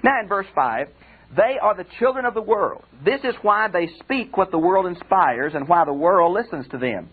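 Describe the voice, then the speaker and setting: An older pastor with a drawl teaches through a Bible passage in a chatty, friendly way. His voice sits a bit high and sounds husky. The audio is thin and tinny, like a phone line. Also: expressive, moderate pace. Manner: conversational, addresses listeners as friends. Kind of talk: recorded Bible commentary lecture.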